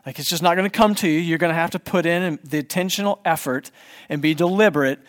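A man's voice: on the high side, fast. A man in his forties, a pastor, giving a conversational sermon in church and putting questions to the congregation.

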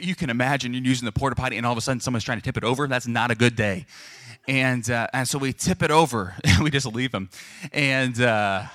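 A young male pastor preaches with a lively, joking delivery and acts out the voices of people in his stories. His voice sits at an ordinary middle pitch. The sound is dry and close, with almost no room echo. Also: fast. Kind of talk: sermon.

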